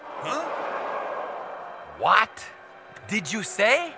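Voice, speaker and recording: An actor playing a pompous, metal-loving male tyrant in an animated film, speaking with a put-on foreign accent in a haughty, mocking way. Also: high voice, gravelly, full character voice. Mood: scornful. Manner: haughty, mocking, drawn-out delivery. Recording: film clip with loud music.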